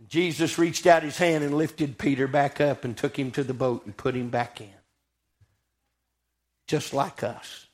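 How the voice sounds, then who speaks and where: Preacher guy, high voice, folksy and dramatic, tells bible stories like he's right there. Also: normal speed. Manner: folksy, dramatic storytelling with acted quotes. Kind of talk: sermon.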